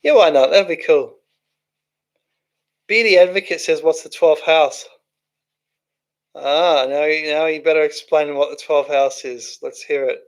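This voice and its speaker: A man's voice: on the high side, unhurried, long pauses. A man hosting a livestream, reading out chat comments and answering them in a rambling, casual way. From Australia. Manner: chatty, rambling, thinks aloud with restarts.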